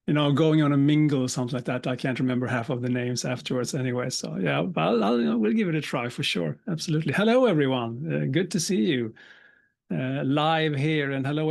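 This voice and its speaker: A man, giving a live talk as a speaker and telling a personal story with humor and quick asides. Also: on the high side, creaky. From Sweden. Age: 50s. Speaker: keynote speaker.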